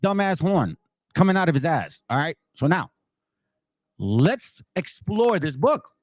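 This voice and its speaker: A man's voice: on the high side, very animated, a little slow, soft background music. Blunt, mocking man commentator. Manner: mocking, blunt, swears freely. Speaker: online commentator. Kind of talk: casual reaction commentary.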